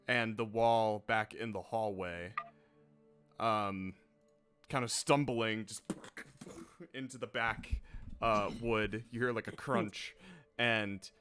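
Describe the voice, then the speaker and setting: A man running a tabletop game as game master, narrating in an unhurried way with many filler pauses. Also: lowish voice, steady tone, a bit bright, clear, resonant tone, faint music behind.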